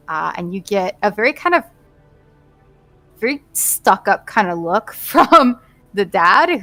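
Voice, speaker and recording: A woman narrating a tabletop role-playing game as game master, unhurried and hesitant, with many fillers and small laughs. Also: mid-range voice, fairly bright tone.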